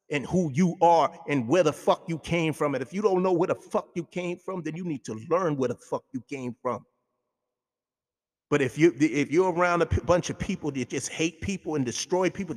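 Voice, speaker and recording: A man rants through a heated, profanity-filled talk-show monologue. His voice sits a little high for a man. It carries a long, reverberant room sound. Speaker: radio show host.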